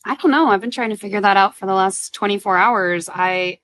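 A woman's voice: mid-range voice, a little fast, a bit bright. A woman co-hosting a sports podcast, thinking aloud and weighing both sides. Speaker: podcast co-host. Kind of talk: casual sports podcast talk.

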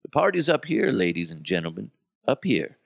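A man's voice: on the low side, very animated, brisk, vocal fry, no echo, lo-fi sound, full character voice. A man doing a vain, muscle-bragging ex-athlete. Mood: preening. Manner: boastful showing off. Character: vain, huge adult male ex-athlete showing off muscles.

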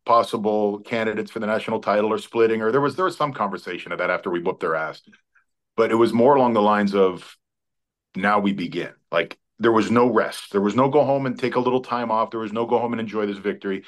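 A man in his forties, a former college football player, telling rambling, profane stories with frequent restarts in casual sports talk. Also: lowish voice. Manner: rambling storyteller, stumbles and restarts, swears freely.

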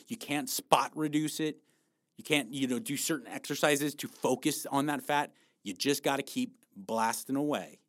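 A man at an ordinary pitch for his sex talks frankly about losing body fat, swearing often and punching his words with emphasis. His delivery is blunt and motivating, as he keeps pushing his listeners to keep going. The recording is close and dry, with no room sound. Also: dry recording. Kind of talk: motivational fitness talk.

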